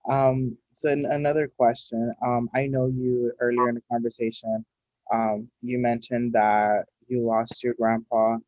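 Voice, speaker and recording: A man interviewing a guest over a video call, gentle and hesitant with many pauses. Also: medium pitch, level tone, dry recording. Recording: dull dry video-call audio.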